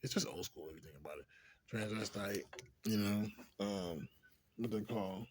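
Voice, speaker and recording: A vlogger rambles casually to the camera, cursing plenty, packing his speech with "like," and breaking into frequent laughter between ideas. He has a lowish voice at normal speed, with a little background noise.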